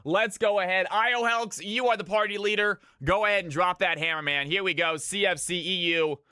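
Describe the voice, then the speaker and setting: Bright-voiced hype esports caster, man. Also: high voice, fairly quick, clean tone, no room sound, clean studio sound. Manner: hype announcer, greets chat viewers by name. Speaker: streamer and shoutcaster. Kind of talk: live esports commentary.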